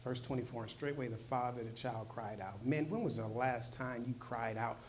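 A man preaching a sermon in a casual, slangy way, swinging from loud, emphatic stretches to soft, low asides. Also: moderate pace, a little hiss or hum. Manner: conversational, slangy, with short emphatic repeats. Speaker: pastor.

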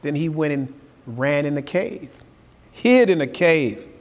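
High-voiced preacher in a reverberant hall. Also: male voice, animated, unhurried. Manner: preaching with rising emphatic peaks and repeated phrases. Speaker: pastor. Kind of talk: sermon. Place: church sanctuary. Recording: long reverb in a large hall.

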